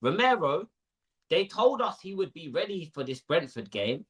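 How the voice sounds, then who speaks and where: Animated young man ranting. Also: a little high, normal speed, husky. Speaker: football podcast panelist. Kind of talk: casual football chat.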